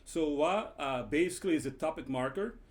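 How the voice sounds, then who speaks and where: A man teaching a Japanese grammar lesson, often pausing with fillers while he explains. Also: fairly high pitch, animated. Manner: hesitant, many filler pauses while explaining. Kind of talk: language lesson.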